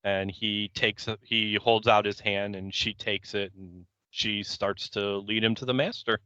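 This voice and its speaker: A low-pitched man recaps an episode at a very slow, unhurried pace, his voice smooth and bright. The recording is dry but a little muffled and lo-fi. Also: fairly even intonation, dry recording. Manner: unhurried, plain scene-by-scene retelling. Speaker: podcast co-host. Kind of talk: casual episode recap chat.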